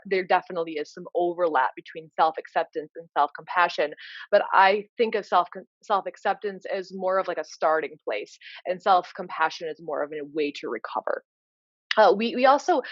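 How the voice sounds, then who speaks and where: Earnest woman coach, lowish voice. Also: no echo, dull audio. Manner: earnest, explanatory, peppered with "you know". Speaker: leadership coach. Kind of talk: informal coaching lecture.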